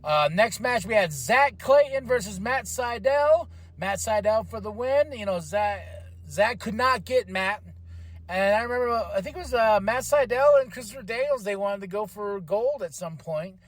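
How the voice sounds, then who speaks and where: A man's voice: sits high, animated, moderate pace. A man hosting a casual wrestling review podcast, hyped and rambling with lots of fillers. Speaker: podcast host.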